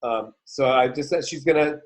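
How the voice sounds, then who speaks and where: A man's voice: medium pitch, normal speed, poor audio. A man co-hosting a podcast in a casual chat, joking as he tells a story. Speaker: podcast co-host.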